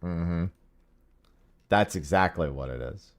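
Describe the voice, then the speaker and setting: A man's voice: low voice, slow. A man streaming an online game and chatting casually with viewers, sarcastic and swearing now and then. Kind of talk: casual chat while gaming.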